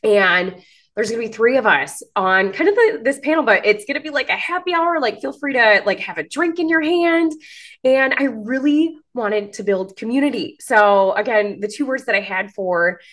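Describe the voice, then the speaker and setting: A woman's voice: a little high, animated, normal speed, a bit bright. Woman in her 30s doing a pep-talk podcast, gushy and encouraging, lots of "girl" and "like". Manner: gushing, encouraging, says "girl" and "like" a lot. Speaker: podcast host. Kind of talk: motivational podcast monologue.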